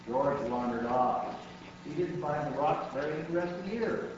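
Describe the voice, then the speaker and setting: A man's voice: mid-range voice, normal speed, darkish tone, a little hiss or hum. A man cheerfully reading a children's picture book aloud to a class. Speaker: guest reader. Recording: distant, dull, echoey room recording.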